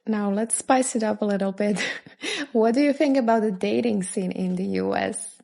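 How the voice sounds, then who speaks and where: A woman's voice: mid-range voice, normal speed, gravelly, dark tone. A woman hosting a podcast who asks short, direct interview questions. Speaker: podcast host.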